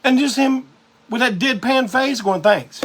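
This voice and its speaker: Man, high voice, profane, rambling monologue, live show host. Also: normal speed, fairly bright tone, a little hiss or hum. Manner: profane, drawling storyteller.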